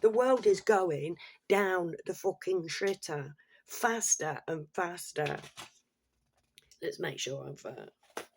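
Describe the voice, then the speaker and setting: Gravelly, sweary woman ranting. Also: on the low side, slow, long pauses, a little mellow, a little hiss or hum. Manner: blunt, sweary, exasperated. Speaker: commentator. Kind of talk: casual ranting monologue.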